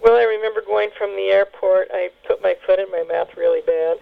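A woman telling family memories in an oral history interview, halting with many fillers and restarts. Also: mid-range voice, fairly even intonation, creaky. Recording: tinny phone line.

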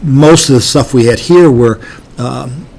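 A man's voice: mid-range voice, a little slow, creaky, a little mellow. Older man, rambling folksy war memories. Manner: folksy, rambling, with many restarts. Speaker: army veteran recalling service. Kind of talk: oral history recollection.

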